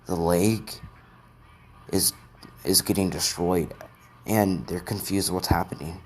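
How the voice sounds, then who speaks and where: Low voiced guy making up a fan story as he goes, lots of restarts, bit of noise behind. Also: slow pace, darkish tone. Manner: rambling, with restarts. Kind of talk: improvised fan story narration.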